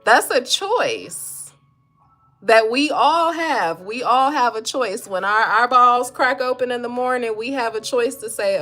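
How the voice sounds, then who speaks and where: A woman's voice: on the high side, animated, unhurried, fairly bright tone, faint music behind. A woman, hosting a casual mental health livestream, chatty and encouraging, greeting viewers and reading their comments aloud. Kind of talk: casual motivational livestream talk.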